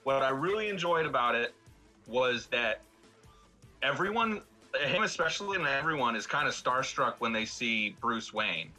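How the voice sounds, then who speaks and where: A man's voice: mid-range voice, lively intonation, normal speed, pushed and bright, soft background music, low-quality recording. A man talking casually on a podcast panel about a film, rambling with many fillers and restarts.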